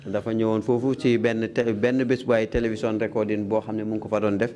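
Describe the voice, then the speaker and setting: A man interpreting live at a hearing, quick and filling gaps with "eh". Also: fairly low pitch, flat delivery, dark tone. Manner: quick, with many "eh" fillers. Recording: faint background noise.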